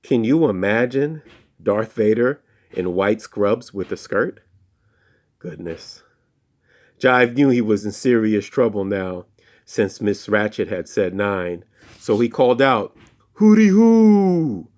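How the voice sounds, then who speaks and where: A man telling a playful story in a slow, hushed, deliberate way, with call-and-response chants. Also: fairly low pitch. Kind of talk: spoken children's storytelling.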